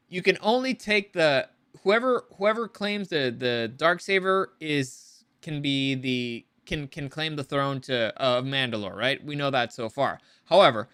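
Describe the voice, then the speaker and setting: A man's voice: fairly high pitch, no room sound, studio quality. A man giving a casual, rambling, profane review of a show. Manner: rambling, profane, animated with frequent restarts. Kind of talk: casual commentary.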